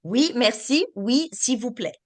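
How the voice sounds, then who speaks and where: A woman teaching an online class, speaking slowly and encouragingly and repeating phrases. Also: on the high side, lively intonation, a little mellow. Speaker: French tutor.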